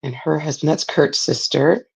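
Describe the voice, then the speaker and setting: A woman's voice: deep voice, fairly even intonation, moderate pace, creaky, a little mellow, slightly rough. A middle-aged woman hosting a craft channel, chatting casually in a rambling way about family while she crafts.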